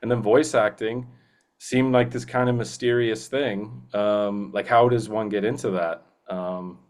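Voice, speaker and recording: A young man speaks in a lowish voice as a guest in a relaxed interview. He rambles earnestly, restarting sentences and leaning on "you know." His tone stays easygoing and enthusiastic. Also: a little slow. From Canada. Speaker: guest voice actor. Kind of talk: casual interview.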